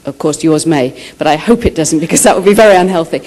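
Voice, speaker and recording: A woman author answering students' questions, telling stories in a lively way and acting out the quotes. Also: low-pitched, fast, slight background noise. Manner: lively storyteller who acts out quotes. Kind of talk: school talk answering questions. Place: high school.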